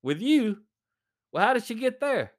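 A man's voice: very high-pitched, very animated, measured pace, voice pushed up, exaggerated voice. A man reading aloud plays an absent-minded older husband in a spoken story. He sounds puzzled and a touch impatient, his voice lifted above plain narration. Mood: startled.

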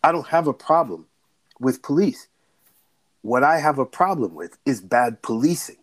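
A man's voice: mid-range voice, big pitch swings, moderate pace. A male legal and political analyst in a frank talk-show discussion. He argues emphatically, stacking rhetorical questions one after another and checking in with the listener. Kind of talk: candid discussion.

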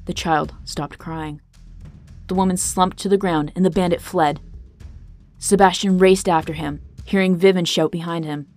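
A woman's voice: lowish voice, steady tone, moderate pace, darkish tone. A woman narrating a fantasy story podcast in a dramatic, tense storytelling manner. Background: faint guitar music.

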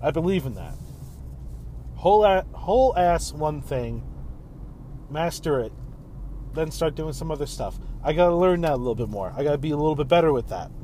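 A man's voice: on the high side, expressive, quick pace, dark tone, slight background noise, rough recording. A man in his thirties hosting a casual solo podcast while driving home, rambling in a laid-back way and swearing freely. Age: 30s. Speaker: podcast host.

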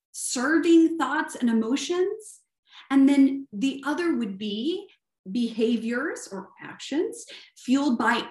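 A middle-aged woman with a Southern US accent speaks in a high, bright-pitched voice at an unhurried, deliberate pace. She coaches earnestly, posing rhetorical questions. The room around her rings with echo. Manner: earnest, asks rhetorical questions, tags "right?". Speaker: life coach. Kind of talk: motivational talk. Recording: echoey room.

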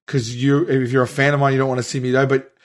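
A man co-hosting a podcast in casual chat, telling stories in halting, stumbling bursts with an exasperated tone. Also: mid-range voice, flat delivery. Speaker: podcast co-host.

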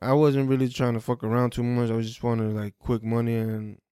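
A man hosting a podcast, telling a personal story in a casual, profane, animated way and re-enacting conversations. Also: medium pitch, brisk, clean tone, dry recording, clean studio sound. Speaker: podcast host.

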